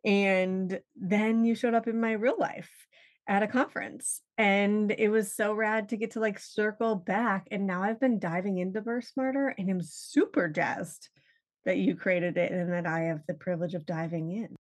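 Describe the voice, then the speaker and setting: A woman's voice: medium pitch, fairly even intonation, normal speed. Breathless, chatty woman podcast host. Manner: upbeat, slangy and chatty. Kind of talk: casual chat.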